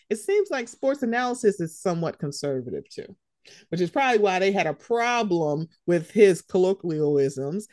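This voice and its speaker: A woman's voice: medium pitch, a little mellow, no room sound, clean studio sound. A woman co-hosting a casual sports chat podcast, blunt and profane, often mimicking the people she talks about. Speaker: podcast co-host.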